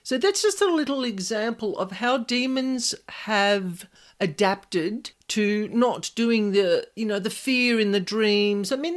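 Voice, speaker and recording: An Australian woman hosting a solo podcast, telling a chatty personal anecdote and acting out her own inner voices. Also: mid-range voice. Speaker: podcast host, paranormal specialist. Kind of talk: casual solo podcast storytelling.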